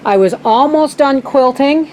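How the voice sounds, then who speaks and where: A woman's voice: sits high, unhurried, a little mellow, slight background noise. A woman talking casually to camera as a homestead vlogger, a chatty storyteller who acts out the voices in her anecdotes and sounds tired after a night with a migraine.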